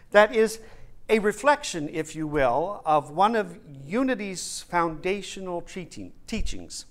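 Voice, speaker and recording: A male preacher delivers a sermon slowly and deliberately, restating his main points for emphasis. His voice is bright and slightly high, and his pitch swings widely from phrase to phrase. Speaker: minister.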